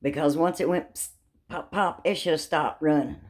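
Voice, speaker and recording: A man's voice: a little high, moderate pace, natural voice. A woman voicing a plain-spoken male gas station attendant in a drawling, matter-of-fact way. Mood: puzzled.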